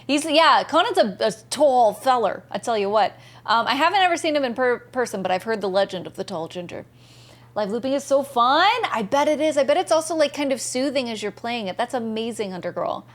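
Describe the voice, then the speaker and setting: A woman from the American Southeast streams a game, chatting casually and enthusiastically, bubbly as she reads chat messages aloud and answers viewers. Her voice is fairly high, animated, fairly bright, and a little fast.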